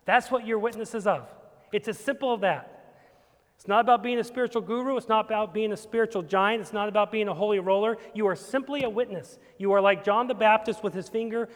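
A man, a pastor, preaching a sermon emphatically. His delivery moves from quiet passages up to loud ones. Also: high voice, fairly quick. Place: church sanctuary. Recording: long church reverb.

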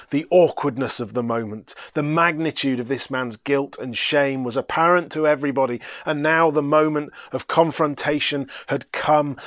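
A man preaching, telling a story dramatically and swinging from hushed to loud. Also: medium pitch, dry recording. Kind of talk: sermon storytelling.

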